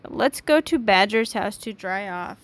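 Helpful storybook fox, loud and urgent, as a woman reads it aloud. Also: mid-range voice, animated, measured pace, lightly acted.

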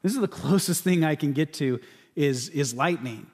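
Conversational pastor in a reverberant sanctuary. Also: male voice, fairly high pitch, expressive, moderate pace. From California. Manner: conversational, with frequent restarts and repeated words. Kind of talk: sermon. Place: church sanctuary. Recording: church sanctuary with long reverb.

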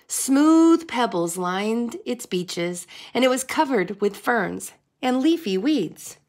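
A woman reading a picture book aloud to children in an expressive, sing-song way, like a teacher. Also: fairly high pitch, takes it slowly. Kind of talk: storybook read-aloud.

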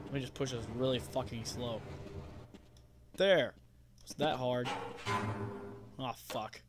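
A man giving let's play commentary, swearing and yelling at enemies with sarcastic asides. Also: mid-range voice, takes it slowly, over music. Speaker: gamer.

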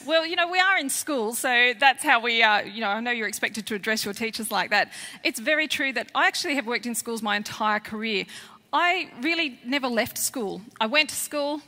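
A lively woman tells a story to a hall full of schoolchildren, acting out her tale with lots of expression. Her voice is bright and somewhat high, and it rings out with the long reverb of a big hall. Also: fairly quick. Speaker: children's author and former teacher. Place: large festival hall.

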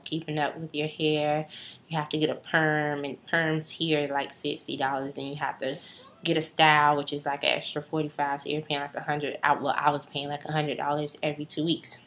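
A young woman in her early twenties vlogs to camera in an easygoing, rambling way, piling up fillers and side remarks. Her voice sits noticeably low. A faint hiss runs under the recording. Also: flat delivery, a little fast, fairly bright tone. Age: early 20s. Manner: chatty, rambling with many fillers and asides. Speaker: vlogger. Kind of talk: casual chat to camera.

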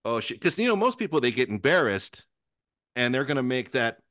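Here a man with a mid-range voice speaks a little fast, recorded cleanly in a studio with no echo. He's a guest on a podcast, spinning a rambling, profane story, breaking off mid-thought and vividly voicing the others involved.

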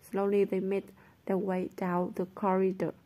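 Soft-voiced woman reading a novel aloud. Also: medium pitch, completely flat delivery, a little slow. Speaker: narrator.

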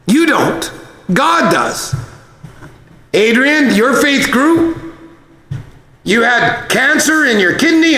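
A male pastor with a strikingly high, bright voice that swoops up and down as he preaches. He drives his points home with force and breaks into shouts now and then. His voice rings through a large hall with long reverb. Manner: emphatic, exhorting, at times shouting. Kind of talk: sermon.

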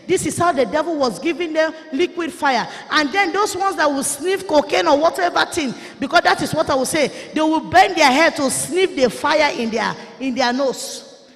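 A woman's voice: high-pitched, moderate pace. Fervent woman preaching in a hall. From Nigeria. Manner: fervent, pleading, often shouting and tearful. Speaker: preacher giving testimony. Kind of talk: impassioned sermon testimony. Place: church conference hall. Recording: reverberant hall.

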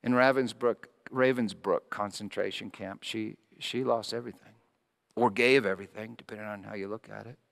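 A man preaching a sermon as pastor, impassioned, swinging from loud emphatic peaks to hushed lines, and telling a story along the way. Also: fairly low pitch, steady tone, moderate pace, gravelly, big-room sound.

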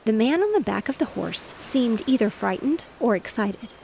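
A woman narrating a bedtime story in a gentle, steady reading voice. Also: on the high side, normal speed, gravelly, slight background noise. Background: faint waves.

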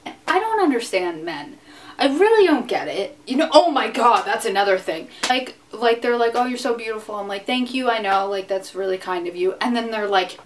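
Exasperated young woman ranting, swinging pitch. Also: lively intonation, normal speed. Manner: exasperated, profane, sarcastic. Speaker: vlogger. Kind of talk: casual rant to camera. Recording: distant mic with faint noise.

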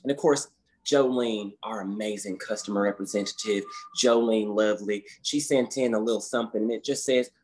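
A man's voice: fairly low pitch, steady tone, a little fast, darkish tone, natural voice. A man playing a folksy, fussy office manager on a conference call who keeps tacking "okay?" onto his sentences. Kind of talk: scripted comedy sketch on a conference call.

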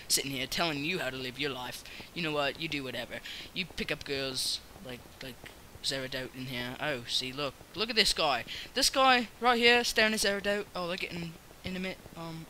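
A young man hosting a casual gameplay video, rambling and excitable, with bursts of shouting at other players. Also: fairly high pitch, fairly quick, few pauses, a little hiss or hum. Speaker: gaming channel host.

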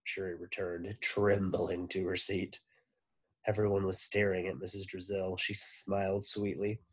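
A man, a teacher, reading a children's book aloud with expressive narration. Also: low-pitched, a little slow, slightly rough. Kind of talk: storybook read-aloud.

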